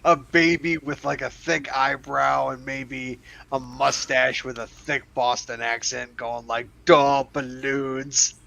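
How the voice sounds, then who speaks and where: A man's voice: medium pitch, flat delivery, unhurried, gravelly, hardly any pauses, bright, forceful tone. A man on a podcast panel in casual chat, explaining his point through plain analogies.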